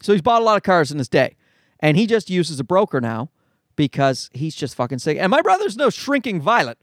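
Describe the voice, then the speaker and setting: A middle-aged man rants in a casual monologue, his voice high and swinging widely up and down. He swears freely and sounds exasperated. The sound is close and dry, with no room around it. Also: very animated, a little fast, no echo. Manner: profane, exasperated ranting. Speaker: comedian.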